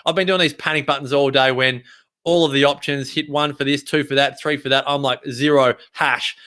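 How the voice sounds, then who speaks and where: A man with an Australian accent telling a story in a chatty, animated way. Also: medium pitch, a little fast, clear, resonant tone. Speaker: vlogger. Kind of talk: casual storytelling.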